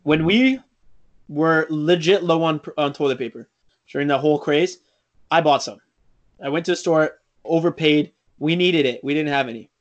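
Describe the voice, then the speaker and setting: A young man with a slightly raised pitch, chatting loosely on a podcast. He jokes and swears freely in relaxed banter with his co-host. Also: normal speed, lo-fi sound. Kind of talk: casual chat.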